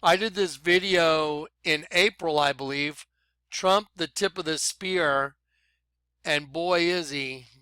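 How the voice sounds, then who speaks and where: An excitable man talks slowly, drawing out his words, in a bright, clear voice that sits a little high. He comments emphatically over videos he plays and keeps apologizing for getting ahead of himself. The sound is dry and close. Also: no room sound. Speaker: video blogger.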